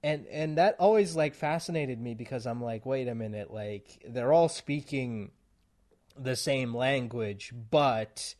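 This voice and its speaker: A man from Kuwait talks with an American-sounding accent at a middle pitch. He rambles easily, piling up fillers and repeating himself as he works through a thought. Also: slow, a little mellow. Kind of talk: casual conversation.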